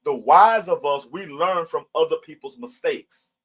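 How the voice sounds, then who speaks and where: A middle-aged man teaches scripture in a conversational, preachy way. His voice sits slightly higher than most men's, and he reads the verses aloud and then explains them plainly. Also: measured pace, fairly bright tone, poor audio. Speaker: Bible study teacher. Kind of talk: livestream Bible teaching.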